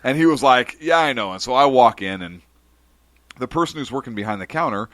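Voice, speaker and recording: A man co-hosting a casual talk show, telling a story with a lot of energy. His pitch swings widely as he plays the people in it. The sound is close and dry. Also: a little fast, no room sound. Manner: animated storyteller, acts out voices in anecdotes. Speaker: podcast co-host. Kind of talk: casual chat.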